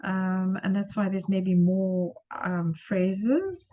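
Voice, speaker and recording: Slow, mellow-voiced woman teaching English. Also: medium pitch, dull audio. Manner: relaxed, chatty explaining with frequent ums; slows and stresses words to model pronunciation. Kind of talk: screen-share lesson walkthrough.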